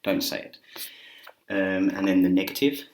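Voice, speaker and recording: A man teaching an English grammar lesson in a relaxed, chatty way with filler words, speaking to camera indoors. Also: low-pitched, moderate pace, slight background noise. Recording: roomy echo.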